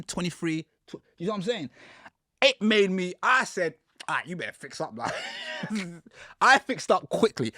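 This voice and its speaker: A man, a podcast guest telling his story in a casual, animated way. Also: on the high side, no echo, clean studio sound. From United Kingdom. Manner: animated storyteller, acts out quotes with slang.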